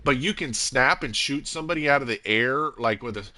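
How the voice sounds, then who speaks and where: A man's voice: mid-range voice, quick pace, few pauses, pushed and bright, no room sound. A man streaming live and chatting casually about gaming, talking in a rambling way and acting out quotes in other voices.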